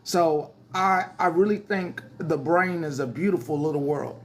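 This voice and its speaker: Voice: mid-range voice, a little slow. A pastor hosting a casual livestream news show, talking to viewers in chat in a chatty, hesitant way with many fillers.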